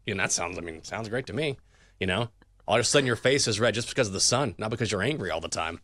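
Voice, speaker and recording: A male sports show host with a bright, forceful voice that swings up and down. He jokes around in casual chat, and the sound is dry and close. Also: fairly low pitch, lively intonation, fast talker, no echo. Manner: playful, jokey.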